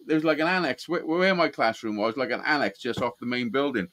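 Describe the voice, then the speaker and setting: This host of a live call-in stream talks fast in a medium-pitched, slightly bright voice, captured on a low-quality recording. His chat is casual storytelling, heavy on swearing, and he laughs at his own tales.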